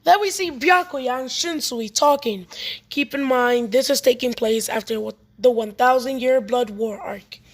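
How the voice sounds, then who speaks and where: A woman with a high voice reads a homemade fan story aloud. Her delivery is plain and unpolished, with frequent stumbles and restarted lines. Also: measured pace.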